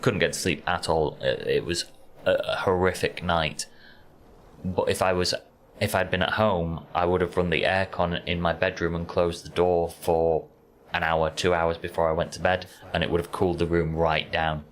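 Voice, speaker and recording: A man's voice: deep voice, fairly even intonation, normal speed, a little hiss or hum. A man with a Yorkshire accent chatting casually to viewers while streaming a game from his bedroom, easygoing and rambling. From Yorkshire, England. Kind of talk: casual live-stream chat while gaming. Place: warm home bedroom.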